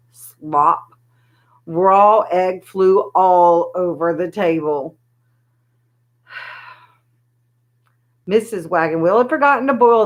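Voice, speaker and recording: A woman reading a children's chapter book aloud, with lively, expressive storytelling. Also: fairly low pitch, rough recording. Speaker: storybook reader.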